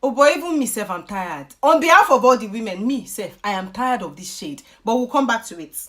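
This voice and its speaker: Young Nigerian woman, live-stream host and coach, high and bouncy, chatty with pidgin asides. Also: fairly quick. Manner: animated, chatty, slips into pidgin and laughs often. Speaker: YouTube host and life coach. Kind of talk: live-stream chat reading viewer comments.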